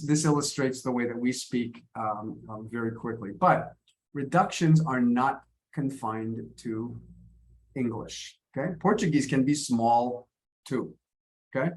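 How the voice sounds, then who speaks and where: A man's voice: mid-range voice, a little mellow. An American man teaching an English class over a video call, patient and encouraging, repeating words as he gathers his thoughts.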